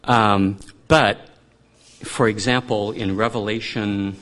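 A man's voice: on the low side, fairly even intonation, takes it slowly, fairly bright tone. A man teaching through a Bible passage in a conversational way, thinking aloud and restarting his sentences.

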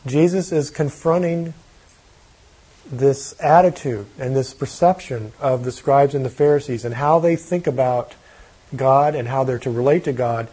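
A man's voice: medium pitch, unhurried, warm tone, slightly rough, rough recording. A man preaching a sermon, reading a scripture passage aloud and then explaining it in plain, conversational terms. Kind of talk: sermon teaching on a parable.

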